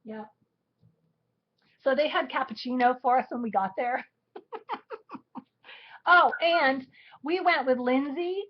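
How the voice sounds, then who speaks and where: A woman's voice: high voice, takes it slowly, long pauses. A woman co-hosting a live show, rambling through a trip story and showing what she bought, laughing often. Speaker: co-host of a live crafting show. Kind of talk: casual storytelling chat. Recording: muffled live-stream audio.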